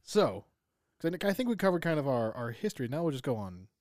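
A man's voice: medium pitch, big pitch swings, fast, a little mellow, no echo, studio quality. A man co-hosting a podcast in casual chat, stammering through restarts and cracking crude jokes. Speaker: podcast co-host.

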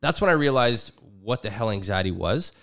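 A young man co-hosting a podcast tells his own story in a candid, relaxed way, using filler words. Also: on the low side, fairly quick, creaky. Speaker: podcast co-host. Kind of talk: casual podcast conversation.

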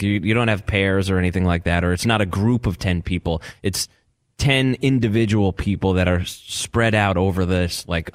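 Give me a man with a low voice and a dry, close sound, co-hosting casual chat as a rambling storyteller. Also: no echo. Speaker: radio show co-host.

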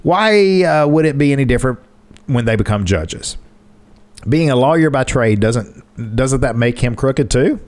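A man's voice: medium pitch, expressive, a little slow. A man co-hosting a casual podcast, reading an article aloud with joking asides and frequent laughs. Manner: reads quotes with joking asides, laughs often. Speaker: podcast co-host.

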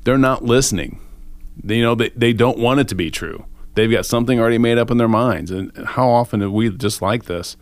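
A man talking casually in a group Bible discussion, a lively and self-mocking storyteller. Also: mid-range voice, brisk, dry recording. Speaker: Bible study participant.

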